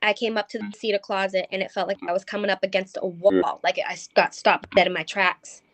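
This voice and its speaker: Woman guest, paranormal investigator, halting ghost story full of ums, dry close sound. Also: mid-range voice, flat delivery, a bit bright, dry recording. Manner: hesitant, many ums and restarts. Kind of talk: recounting a ghost story in conversation.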